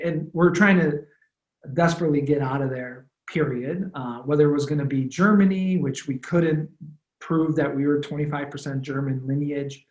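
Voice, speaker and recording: A man in his thirties, born in Romania, telling stories as an interview guest in a relaxed, thoughtful way, with many fillers and restarts. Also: fairly high pitch, roomy sound, poor audio. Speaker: guest, former football punter. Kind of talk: casual interview storytelling.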